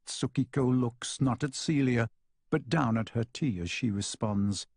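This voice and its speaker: A man reading a novel aloud in a calm, measured narration. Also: medium pitch, vocal fry, dry recording, clean studio sound. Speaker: audiobook narrator. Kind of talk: scripted narration.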